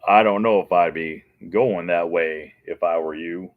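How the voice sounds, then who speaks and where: A man's voice: sits low, unhurried, narrow, tinny audio, voice pushed down. Man doing a drawling cowboy legend. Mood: laconic. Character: drawling old cowboy movie star animatronic, man.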